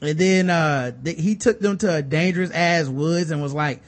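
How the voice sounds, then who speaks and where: A man co-hosting a casual talk show, animated and profane, acting out characters as he rants. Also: on the high side, normal speed. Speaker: podcast co-host. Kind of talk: casual chat.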